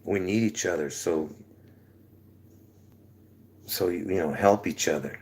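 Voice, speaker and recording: A man's voice: deep voice, slow, darkish tone, breathy edge. A man preaching casually to his channel on a livestream, rambling, chuckling between phrases and asking "all right?" again and again, with a sore throat.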